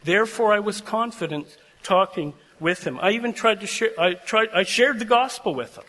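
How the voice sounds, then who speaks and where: A man's voice: high-pitched, animated, moderate pace, pushed and bright. Older man speaking in an echoing chapel. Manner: heartfelt, emotional, prone to tearing up. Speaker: guest speaker addressing seminary graduates. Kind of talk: earnest storytelling address. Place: large chapel. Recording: long chapel reverb.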